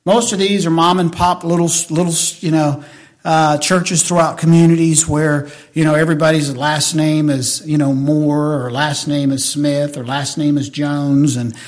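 High-voiced male preacher, folksy. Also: little pitch movement, normal speed. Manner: folksy storytelling that builds to emphatic preaching; asks the congregation for agreement. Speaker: pastor. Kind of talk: sermon.

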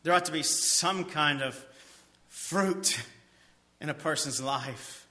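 A man preaching a sermon, reading verses aloud and then asking his listeners questions that he answers himself, dropping to a quiet voice on key points. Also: slow. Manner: drops to a soft low voice on key points. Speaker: pastor. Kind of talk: expository sermon.

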